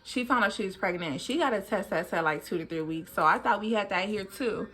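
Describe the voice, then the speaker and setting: Bright-voiced young woman telling a story. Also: fairly quick. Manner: animated, jumps high in pitch when acting out what people said. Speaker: vlogger. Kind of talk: casual storytelling.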